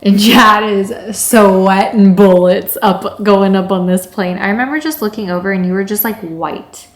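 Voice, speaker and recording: A young woman telling a story casually, with lively acted-out quotes. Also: mid-range voice, unhurried. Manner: animated, acts out quoted lines. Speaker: vlogger telling engagement story. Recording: echoey room.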